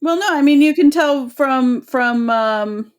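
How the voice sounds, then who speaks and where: Woman on a podcast, kinda high voice, dry matter-of-fact jokes. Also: a little slow, clean tone. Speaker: podcast co-host. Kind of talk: casual chat.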